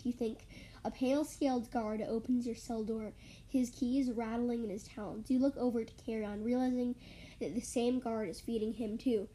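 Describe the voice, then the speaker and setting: A woman's voice: a little high, warm tone. A woman casually reading aloud a second-person fan story, now and then restarting or correcting her lines.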